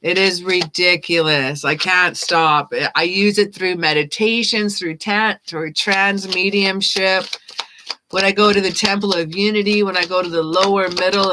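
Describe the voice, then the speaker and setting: A woman's voice: medium pitch, sharp tone, a little hiss or hum. A woman giving live-stream tarot readings, chatting casually with viewers, thanking them by name and laughing often. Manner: chatty, reads chat names aloud, laughs often. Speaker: tarot reader.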